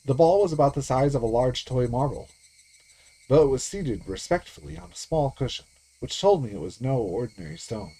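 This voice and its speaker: Man, streamer, first-person story narration, lively pitch, husky. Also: fairly quick. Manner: steady storytelling read-aloud. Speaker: streamer reading a visual novel aloud.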